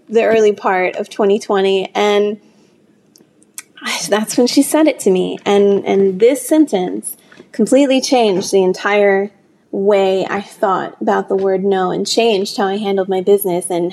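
A woman who owns a small salon tells a personal story in a candid, conversational way with halting restarts. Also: mid-range voice, a little mellow. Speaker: small business owner, salon owner. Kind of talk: storytelling talk.

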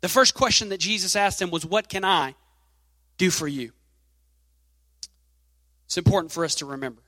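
High, bright-voiced emphatic male preacher. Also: normal speed, dry recording, big-room sound. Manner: reads scripture aloud, leans hard on key phrases, emphatic. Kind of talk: sermon.

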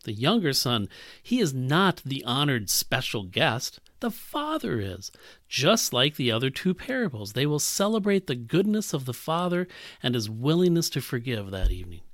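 A man preaching an expository sermon on a Bible passage, emphatic and animated, often trailing off softly at the ends of phrases. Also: medium pitch, moderate pace, no echo, studio quality.

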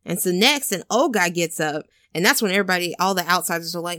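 Woman, casual chat host, lively retelling, dry sound. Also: on the low side, fairly quick, hardly any pauses, no room sound. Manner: animated storytelling with swearing and acted-out quotes. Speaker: podcast co-host retelling a film.

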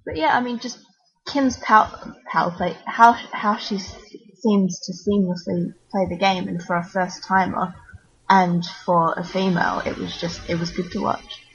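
A woman co-hosting a podcast, giving blunt, opinionated takes in a halting, casual way. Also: medium pitch, steady tone, breathy edge. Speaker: podcast co-host. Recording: dull lo-fi mic.

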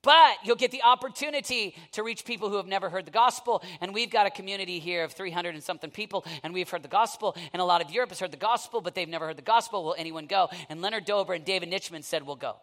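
A man preaching a sermon with impassioned delivery, swinging from near-shouting to hushed intensity and telling stories with acted-out asides. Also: high-pitched. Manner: storytelling with quick asides and acted-out quotes.

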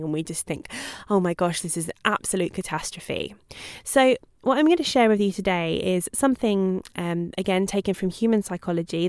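A woman dog trainer teaching a simple calming method in a chatty, friendly way, often laughing between points. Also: lowish voice, smooth, no echo, studio quality. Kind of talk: talking-head lesson.

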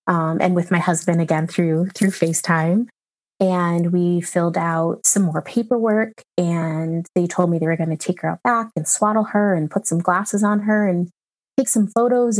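A woman in her thirties, a mother recounting a hard experience in an interview, emotional and halting with many pauses and fillers. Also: on the low side, a little mellow. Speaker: mother telling her story. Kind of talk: personal account in an interview.

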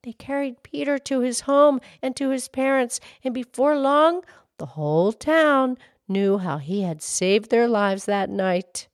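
A woman's voice: on the high side, measured pace, no room sound, studio quality. Woman reading a children's story aloud. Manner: expressive, gently dramatic reading.

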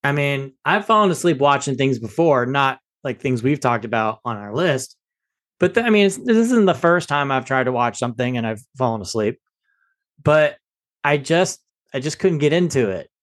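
A man's voice: medium pitch, lively intonation, normal speed. A man co-hosting a casual movie review podcast, joking and rambling in a self-deprecating way. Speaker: podcast co-host.

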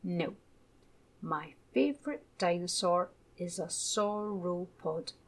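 A woman's voice: fairly low pitch, expressive, takes it slowly. A woman reading a small stubborn boy. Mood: eager. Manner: sulky, refusing.

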